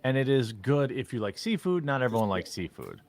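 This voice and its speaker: A man's voice: mid-range voice, big pitch swings, a little fast. A man giving casual commentary as a streamer, blunt and opinionated in a mock-serious way.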